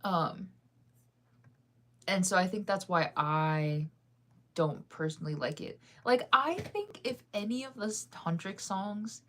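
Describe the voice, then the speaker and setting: A woman's voice: mid-range voice, animated, slow pace. A young woman chatting casually with her viewers while she reads comments, laughing often. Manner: chatty, laughs often, sings snippets off-key. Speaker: livestreamer reading comments.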